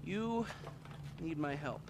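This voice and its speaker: A dry, sarcastic hacker from a video game. His voice sits a little high and swings lively. Loud game noise runs underneath. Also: slow pace, gravelly, heavily acted. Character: sardonic male hacker game character.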